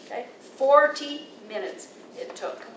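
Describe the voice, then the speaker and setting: A woman's voice: high-pitched, measured pace. An older woman with a Canadian accent giving a chatty, digressive presentation as a risk manager, telling stories with many fillers and restarts. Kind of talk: informal presentation with anecdotes. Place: large meeting room. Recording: echoey room, distant mic, faint noise.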